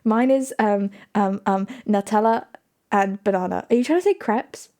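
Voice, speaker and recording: A woman's voice: medium pitch, moderate pace, warm tone. A young woman streaming live, chatting casually with viewers in a giggly, rambling, self-mocking way. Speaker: livestreamer.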